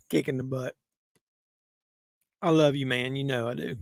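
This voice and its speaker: A man's voice: medium pitch, steady tone, a little slow, creaky, a bit bright, dry recording. A man with a Southern drawl hosting a casual movie watch-along livestream, joking loosely while drinking. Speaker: livestream host.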